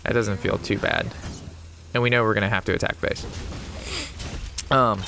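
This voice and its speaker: A man's voice: fairly low pitch, fairly even intonation, moderate pace, creaky, sharp tone, a little hiss or hum. A man in his twenties giving casual, rambling commentary on his own card game match, swearing and laughing often. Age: 20s. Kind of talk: casual gameplay commentary mixed with an anecdote.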